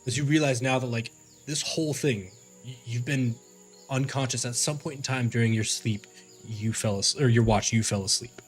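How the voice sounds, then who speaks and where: A man's voice: medium pitch, fairly even intonation, moderate pace, soft background music. A man narrating as game master for a tabletop game, rambling with fillers and restarts.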